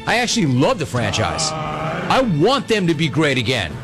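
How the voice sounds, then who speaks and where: A man hosts a sports talk show, riffing casually and throwing himself into a story. His pitch swings widely as he slips into the voices of other people, and faint music plays under him. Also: wildly swooping pitch. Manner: fast talking, acts out other people's voices in quotes. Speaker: sports talk radio host. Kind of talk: animated casual storytelling monologue.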